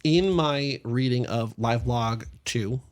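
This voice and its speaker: A man co-hosting a book podcast, chatting casually and reading out listener questions. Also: medium pitch. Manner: fast, chatty, reads listener questions aloud. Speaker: podcast co-host.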